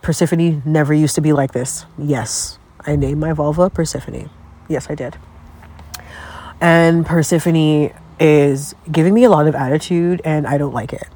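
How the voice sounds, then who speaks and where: A woman's voice: sits low, steady tone, moderate pace, warm tone, husky. A young adult woman hosting her own podcast, venting in a profane, exasperated, comic solo rant. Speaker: podcast host.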